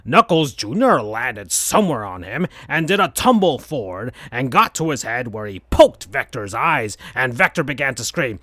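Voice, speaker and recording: A man hosting a podcast, reading absurd fan fiction aloud in a slow deadpan. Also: medium pitch, no room sound. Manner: slow, deadpan, breaks into laughter. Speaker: podcast host.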